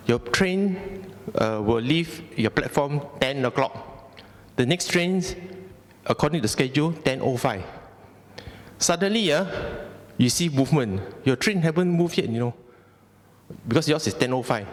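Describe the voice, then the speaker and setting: A Malaysian man giving a conversational Buddhist Dhamma talk, often asking the audience questions. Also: medium pitch. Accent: Malaysian English. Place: temple hall. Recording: long hall reverb.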